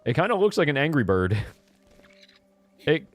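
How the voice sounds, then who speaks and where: A young man streaming a video game, chatting casually, often interrupting himself and breaking into laughter and excited high squeals. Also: normal speed, dry recording. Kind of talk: casual gameplay commentary.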